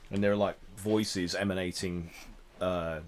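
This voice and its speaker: A man from the United Kingdom narrating as game master, unhurried and full of ums and likes. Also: low voice. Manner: relaxed, hesitant narration with many fillers.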